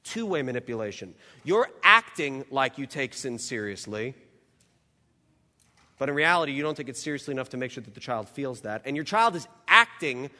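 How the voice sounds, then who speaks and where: A man's voice: mid-range voice, sing-song, normal speed, pushed and bright. A man preaching a sermon in an earnest, emphatic way, working through numbered teaching points. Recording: long hall reverb.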